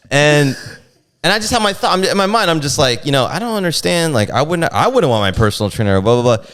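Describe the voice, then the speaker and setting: A comedian from New York, appearing as a podcast guest, tells stories in a casual chat and acts out quotes in exaggerated voices. His fairly high voice moves at a fairly quick pace, and his storytelling is animated.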